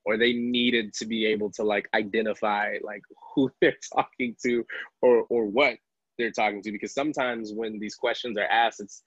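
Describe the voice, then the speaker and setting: A man with a lowish, husky voice hosts a relaxed discussion. He talks loosely, full of filler words and laughter. The sound is dry and a little muffled. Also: no room sound. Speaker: host. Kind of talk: casual panel discussion.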